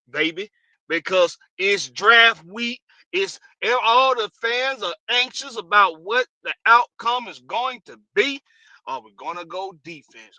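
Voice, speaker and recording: Hyped male host, high voice, dry close sound. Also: sharp tone, no echo, low-quality recording. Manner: hyped, drawling, repeats phrases. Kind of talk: casual livestream show opening.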